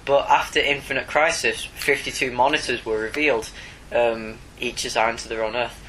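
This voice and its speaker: A man co-hosts a podcast and fills in background details in an informative way, chuckling often. His voice is bright and mid-pitched, with faint ambient noise behind him. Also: rough recording. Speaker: podcast co-host. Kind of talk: casual comic book podcast chat.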